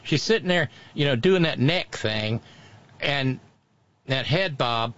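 A man's voice: medium pitch, animated, takes it slowly, fairly bright tone. Sarcastic guy hosting a podcast, mocking tone, bouncy voice, kinda muffled recording. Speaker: podcast host. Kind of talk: casual commentary chat.

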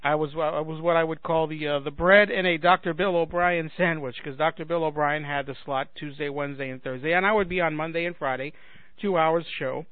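A man with a fairly high voice chats casually as a fill-in radio host, rambling and restarting his sentences. He sounds dry and tinny, as if he is on a phone line. His tone is self-deprecating. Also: steady tone, brisk, no echo. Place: home in Chicago.

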